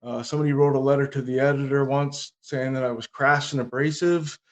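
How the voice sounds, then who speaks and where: A man as a podcast guest, telling anecdotes in a relaxed conversation with dry comic timing. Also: mid-range voice, a little fast. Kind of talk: casual interview storytelling.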